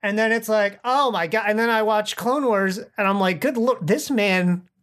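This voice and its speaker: A man's voice: high voice, normal speed, a bit bright, clean tone. A man chatting as a podcast guest, rambling and enthusiastic, often acting out what people said. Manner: rambling, enthusiastic, acts out quoted speech. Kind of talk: casual chat.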